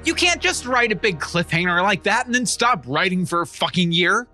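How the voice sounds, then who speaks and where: A man as a cocky, foul-mouthed TV newsman in a comedy audio play, all bluster. His voice is high and very bright, leaping up and down with every jab. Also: lively intonation, normal speed, faint music behind, exaggerated voice. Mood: brash. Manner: crude, blustering. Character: brash profane male TV newsman.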